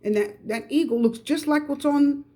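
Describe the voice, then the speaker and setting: A woman's voice: sits high, normal speed, warm tone. Chatty woman giving a tarot reading. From United States. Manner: chatty, emphatic, repeats advice directly to viewers. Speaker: tarot reader. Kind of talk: pick-a-card tarot reading.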